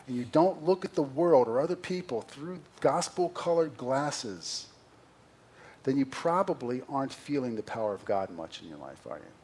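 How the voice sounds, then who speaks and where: Earnest pastor preaching a sermon. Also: male voice, mid-range voice, animated, moderate pace, husky. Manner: earnest, confessional, swings between loud emphasis and quiet asides. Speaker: senior pastor. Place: church sanctuary.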